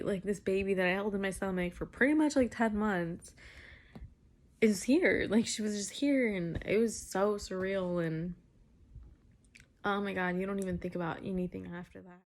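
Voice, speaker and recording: A young woman, a new mother, casually telling her birth story to camera, animated and full of "like", acting out what others said. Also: mid-range voice, normal speed. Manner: animated, fillers like "like", acts out quotes.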